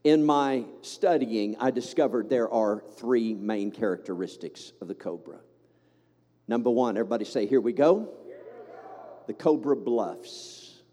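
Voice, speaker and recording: A man's voice: mid-range voice, normal speed, mellow, big-room sound. A man with a Southern American accent preaching a fervent sermon on a microphone, mixing joking asides with the congregation into his preaching. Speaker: pastor. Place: church sanctuary.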